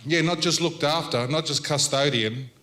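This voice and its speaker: A man's voice: a little high, moderate pace, pushed and bright. Chatty joking Australian man. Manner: chatty, joking, laughs between points. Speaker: Welcome to Country speaker. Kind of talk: relaxed public address with storytelling. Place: health symposium.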